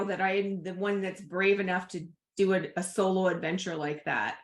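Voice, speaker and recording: A woman's voice: fairly low pitch, steady tone, moderate pace, hardly any pauses. A woman podcast host chatting casually, hesitant and full of fillers. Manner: hesitant, filler-heavy ("like, honestly, like"). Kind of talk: casual interview chat. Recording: echoey room.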